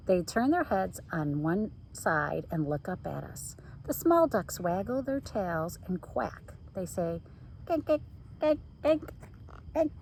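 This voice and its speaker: A woman's voice: medium pitch, vocal fry, slight background noise, poor audio. A woman teacher reading a picture book aloud to children, playfully mimicking the sound effects.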